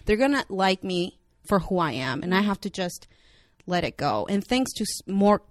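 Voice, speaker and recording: A woman's voice: mid-range voice, big pitch swings, normal speed, no room sound, clean studio sound. Chatty woman with a Spanish accent. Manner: chatty, lots of "like" fillers, candid. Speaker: actress and writer guest. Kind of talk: casual interview talk.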